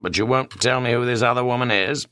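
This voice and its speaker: A man voicing a calm, probing British police detective with a British accent, speaking slowly and deliberately. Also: mid-range voice, clean tone, no room sound, studio quality, natural voice. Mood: measured. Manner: slow, measured accusation.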